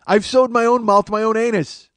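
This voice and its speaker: A man's voice: sits high, fairly even intonation, fairly quick, a bit bright. A man hosting a comedy podcast alone, rambling in a self-mocking way, losing his train of thought and sounding tired from lack of sleep. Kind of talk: rambling solo comedy monologue.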